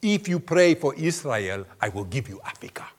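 A man speaking as the Lord, slow, serious and commanding. His voice sits low and steady and sounds slightly distant from the mic.

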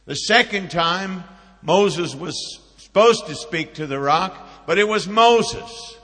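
A man preaching a sermon, swinging between loud emphatic peaks and hushed storytelling. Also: high voice, slow, big-room sound. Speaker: pastor.

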